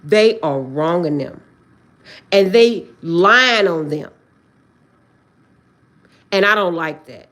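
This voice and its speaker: A woman ranting on a livestream, close to tears and swinging between outbursts and quiet prayers. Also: on the low side, animated, slow, long pauses. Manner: agitated, swings between shouting and tearful prayer. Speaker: livestream host. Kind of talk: emotional livestream rant.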